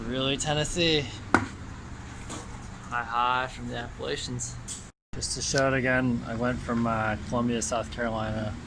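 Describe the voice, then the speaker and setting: A man's voice: mid-range voice, very noisy. Chatty man vlogging a road trip. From Florida. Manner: chatty, rambling with fillers. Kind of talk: casual travel vlog. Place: on the road, car and stops.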